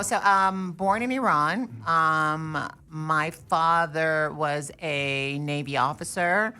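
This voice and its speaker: A young woman who grew up in the Netherlands, a podcast guest chatting playfully with quick self-corrections. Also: very deep voice, sharp tone. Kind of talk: casual chat.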